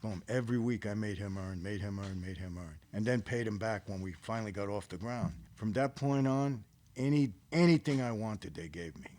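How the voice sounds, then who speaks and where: A man's voice: fairly low pitch, normal speed, darkish tone. A middle-aged man, co-hosting a podcast and telling stories in a plain-spoken way, quoting his own past conversations. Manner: plain-spoken, tells stories with quoted dialogue. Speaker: podcast co-host, former mobster telling stories. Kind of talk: casual storytelling chat.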